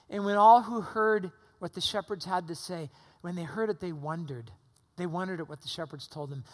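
In the sanctuary of a church, a middle-aged pastor delivers a chatty sermon full of rhetorical questions while getting over pneumonia. He speaks with a high, slightly bright voice, and the recording carries a long hall reverb.

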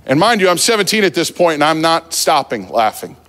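A man from New Jersey preaching a sermon, telling a funny story about himself in a relaxed, conversational way from the pulpit. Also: on the high side, fairly quick. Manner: humorous, self-deprecating, conversational. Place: church sanctuary at the pulpit. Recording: long church hall reverb.

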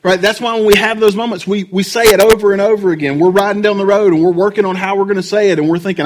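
A man's voice: sits high, quick pace, hardly any pauses, poor audio. A man in his thirties or forties, a pastor who preaches in a casual, storytelling way and keeps checking in with the congregation. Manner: conversational, animated, asks the congregation frequent checks like "right?". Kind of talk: sermon with storytelling.

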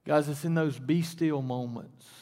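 A man's voice: a little high, steady tone, unhurried, mellow. A man pastor preaching a sermon in a church, talking conversationally and then rising to emphatic peaks. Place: church sanctuary. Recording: long reverb in a church hall.

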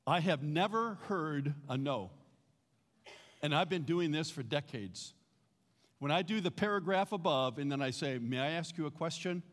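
A man's voice: fairly high pitch, in a large hall. A middle-aged man from the United States giving a practical church teaching, plain-spoken and prone to repeating words as he restarts. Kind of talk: sermon-style teaching.

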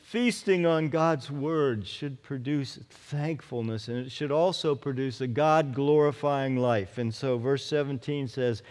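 A man's voice: a little high, darkish tone. A male pastor preaching a sermon in an earnest, emphatic way, often repeating his phrases. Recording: long reverb of a large hall.

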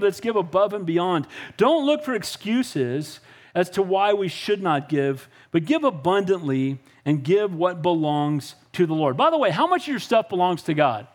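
Male pastor, middle-aged, high voice, lively sermon delivery, asks for amens. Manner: animated preaching with frequent call-outs for amen.

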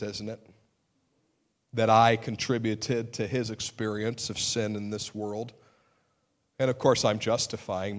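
Male pastor, middle-aged, earnest sermon delivery that bursts out emphatically, wry about himself. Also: lowish voice. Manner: earnest, with sudden emphatic outbursts and self-deprecating humor.

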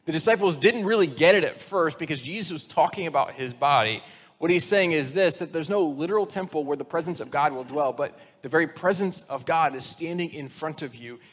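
A man's voice: a little high, brisk, hardly any pauses, a bit bright, slightly rough, in a large hall. A man preaching a sermon in a casual, conversational way, acting out the voices he quotes and dropping almost to a whisper to stress a point. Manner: conversational, acts out quoted voices, drops to near-whisper for emphasis. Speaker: pastor.

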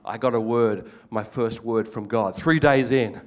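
An older man with an Australian accent preaches at an unhurried pace in a mid-range voice. His sermon features animated storytelling and jokes, and he acts out the voices of those in his tales.

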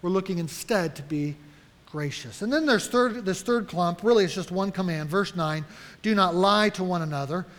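A man with a high voice preaches in a church sanctuary, and his words ring out with a long hall reverb. He talks earnestly and directly, putting question after question to his congregation. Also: normal speed, fairly bright tone. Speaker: pastor. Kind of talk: sermon.

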